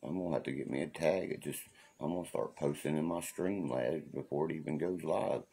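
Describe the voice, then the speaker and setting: A man's voice: very deep voice, fairly quick, gravelly, mellow, breathy edge. A man hosting a casual livestream rant, profane, defiant and preachy, who keeps asking "you know what I mean". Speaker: livestream host.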